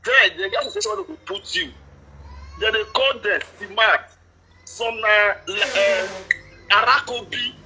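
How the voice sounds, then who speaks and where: A man caller speaking Nigerian Pidgin, explaining things at length in a steady, detailed way. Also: high-pitched, a little slow, pauses often, faint music behind, poor audio. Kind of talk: casual chat.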